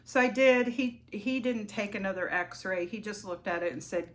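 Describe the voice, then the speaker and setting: A woman's voice: medium pitch, a little slow, hardly any pauses, slight background noise. A middle-aged woman telling a personal story on her crafting vlog, chatty and rambling with frequent ums and restarts. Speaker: crafting vlogger.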